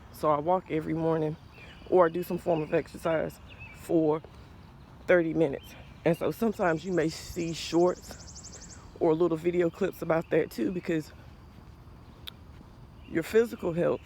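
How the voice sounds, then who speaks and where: A man in his forties hosting a podcast, talking slowly and earnestly about faith and mental health, a little out of breath. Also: fairly high pitch, a little mellow, slight background noise. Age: 40s. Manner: slow, thoughtful, earnest, with pauses and restarts. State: slightly out of breath. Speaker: podcast host. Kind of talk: reflective faith-based mental health talk.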